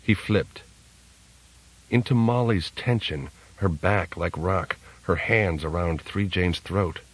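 A man narrating an audiobook in a steady, measured way. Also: deep voice, husky, poor audio. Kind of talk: scripted narration.

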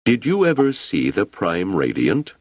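A man voicing a kindly, absent-minded older male scholar who speaks slowly and reassuringly. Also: low-pitched, wildly swooping pitch, no room sound, muffled recording, pitched above the performer's own voice, exaggerated voice. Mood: eager.

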